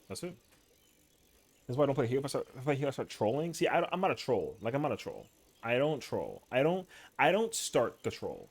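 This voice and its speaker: A man's voice: mid-range voice, very animated, brisk. A man streaming a game, talking in casual chat with heated, profane slang peppered with "yo". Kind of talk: casual chat while gaming.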